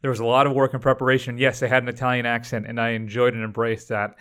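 A man's voice: medium pitch, level tone, fast, a bit bright, smooth, lightly acted. A man doing a mock-solemn, pompous impression of a self-serious method actor.

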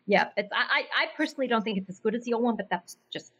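A woman's voice: on the high side, animated, very fast, a bit bright. A woman who grew up in Africa, a guest actress on a podcast, speaking casually with many fillers and frequent laughs. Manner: laughs often, hesitant with fillers. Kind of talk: casual interview chat.

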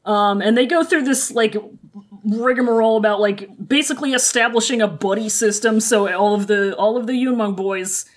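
A woman's voice: on the high side, moderate pace. A woman co-hosting a podcast, recapping a story in casual chat with crude jokes and frequent laughter. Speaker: podcast co-host.

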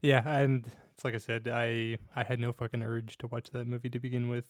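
A man speaks in a flat, even voice, mostly nodding along with short replies. His voice sounds dry and close. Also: medium pitch, brisk, dry recording. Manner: short agreeing replies, flat and laid-back. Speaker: podcast co-host. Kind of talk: casual chat.

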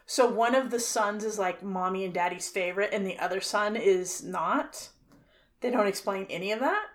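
A woman's voice: medium pitch, moderate pace. A woman co-hosting a casual chat, retelling a movie plot with exasperated laughter and free swearing. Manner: exasperated, laughing storyteller who swears freely. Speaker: podcast co-host.

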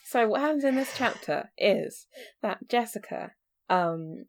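A woman's voice: mid-range voice, animated, a little slow. A woman co-hosting a casual book podcast, chatty and given to laughing and casual swearing. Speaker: podcast co-host.

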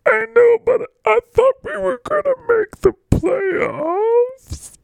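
Give me a weepy grown man who cries high and loud, with a gravelly edge. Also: animated, takes it slowly, dry recording, full character voice. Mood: sobbing. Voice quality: high wailing crying voice. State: crying. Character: weepy emotional grown man, sobbing easily. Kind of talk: comedy podcast character bit.

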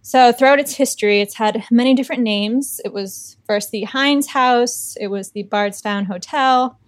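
A woman's voice: on the high side, normal speed, no echo. A woman co-hosting a podcast, telling a ghost story in a chatty, joking way. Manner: chatty, filler-heavy, joking asides. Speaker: podcast co-host.

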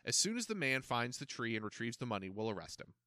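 A man doing a calm, steady police chief. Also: medium pitch, quick pace, no echo, clean studio sound. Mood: cheerful. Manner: calm, reassuring. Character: calm, cheerful middle-aged police chief father.

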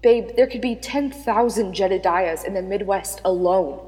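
A woman's voice: mid-range voice, moderate pace, darkish tone, close to an everyday voice. A woman voicing a skeptical, irritable man who speaks with impatient exasperation. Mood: exasperated. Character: skeptical, irritable grown man keeping vigil. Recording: long reverb with background music.

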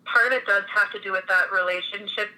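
A woman's voice: mid-range voice, steady tone, fast, bright, forceful tone, poor audio. A woman in her thirties from Minnesota, telling her own story in a chatty way with many restarts. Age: 30s. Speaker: guest. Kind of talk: casual interview conversation.

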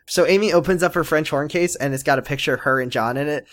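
A young man co-hosting a casual recap podcast, jokey and quick to break into laughter. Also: fairly high pitch, a bit bright. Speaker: podcast co-host.

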